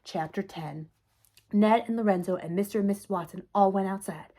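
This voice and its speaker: A woman telling a children's story aloud in a clear, expressive way. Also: mid-range voice, a little fast. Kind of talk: children's book read-aloud.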